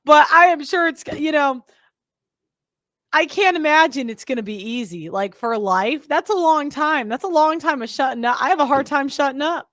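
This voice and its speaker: A woman's voice: high-pitched, normal speed, fairly bright tone, dry recording, clean studio sound. A woman hosting a reaction show, talking in a candid, blunt way that rambles and interrupts itself. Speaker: host. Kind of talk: reaction commentary.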